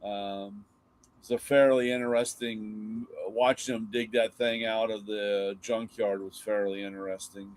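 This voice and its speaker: A man's voice: lowish voice, level tone, measured pace. A middle-aged man, host of a live car talk show, casually telling rambling stories about old cars and his dad, swearing and mimicking voices. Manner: rambling anecdotes, swears, acts out his dad's lines.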